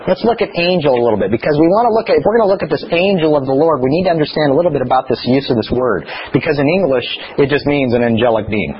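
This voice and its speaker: A man teaching scripture in a chatty, animated way, telling stories between points. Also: a little high, racing, hardly any pauses, slightly rough, highs cut off. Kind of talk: bible teaching.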